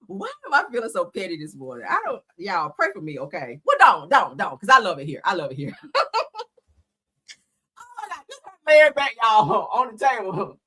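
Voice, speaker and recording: Woman host, casual gossip commentary, bright and very lively delivery, profane. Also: mid-range voice, breathy edge. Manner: animated and profane, laughing often, reads posts aloud.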